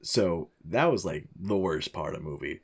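A man's voice: low voice, expressive, moderate pace, creaky, slightly rough. A man co-hosting a casual chat, giving laid-back, dry critiques of a movie. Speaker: podcast co-host.

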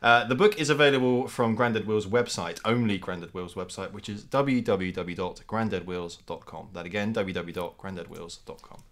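A man, co-hosting a podcast conversation. He talks in a relaxed, easygoing way, with plenty of small hesitations and fillers along the way. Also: lowish voice, brisk, hardly any pauses. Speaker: podcast co-host. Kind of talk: casual chat.

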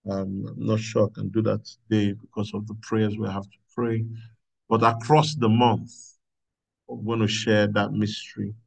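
A man's voice: on the low side, little pitch movement, moderate pace, creaky, slightly rough, low-quality recording. A man pastoring a prayer meeting, preaching earnestly and repeating himself with frequent hallelujahs. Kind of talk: sermon.

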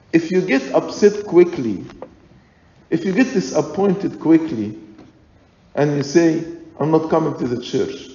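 A man preaching a sermon in slow, deliberate, emphatic points. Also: fairly high pitch, vocal fry, warm tone. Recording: echoey church hall, dull lo-fi sound.

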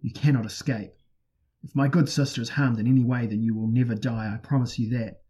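A man voicing a ruthless sorcerer prince who hurls loud, menacing threats, in a husky voice. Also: mid-range voice, fairly even intonation, normal speed, lightly acted.

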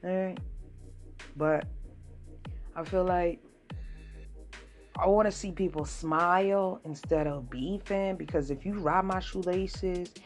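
A young woman hosting her own podcast in a casual solo rant, brash and swearing, with sudden high-pitched outbursts. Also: takes it slowly, pauses often, faint music behind. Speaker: podcast host.

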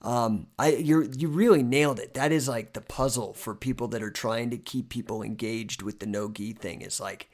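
A man hosts a casual podcast interview in a mid-pitched voice. He talks hesitantly, with many fillers, and grows upbeat when he introduces segments. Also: normal speed, few pauses. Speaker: podcast host.

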